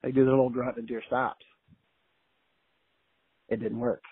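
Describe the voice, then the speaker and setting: A man telling a long story in a casual, colloquial and animated way as an interview guest, heard over a phone line. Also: mid-range voice, measured pace, husky, dry recording. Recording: tinny dry phone line.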